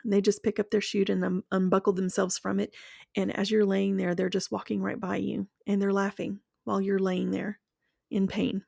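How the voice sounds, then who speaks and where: Woman with a heavy vocal fry. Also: mid-range voice, flat delivery, warm tone, no echo, clean studio sound. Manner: slow, measured and earnest, with deliberate pauses. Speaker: speaker sharing a personal experience. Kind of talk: reflective monologue with guided imagery.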